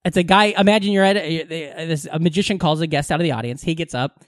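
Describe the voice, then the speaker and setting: A man's voice: fairly high pitch, fast talker, no echo, studio quality. A young man co-hosting a podcast, chatting casually and telling stories with lots of swearing. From Omaha, American Midwest. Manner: animated storyteller, swears freely. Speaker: podcast co-host. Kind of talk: casual chat.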